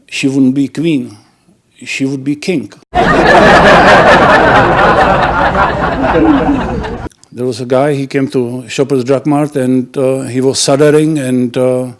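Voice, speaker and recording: Slow-talking man telling jokes. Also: medium pitch, dark tone. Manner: halting, with many fillers and restarts. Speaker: joke teller. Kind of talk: casual joke telling.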